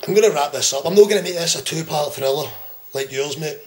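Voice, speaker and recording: A Scottish man in his twenties cutting a profane, taunting wrestling promo that swings between loud jabs and hushed menace. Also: a little high, fast talker, slight background noise. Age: 20s. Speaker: pro wrestler. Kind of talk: trash-talk wrestling promo.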